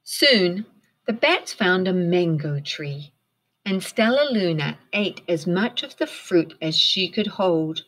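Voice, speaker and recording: A woman teacher reads a picture book aloud to children, unhurried and encouraging. Her voice sits fairly low, yet her pitch moves a great deal as she tells the story. She stops often to ask her young listeners questions. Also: lively intonation, fairly bright tone.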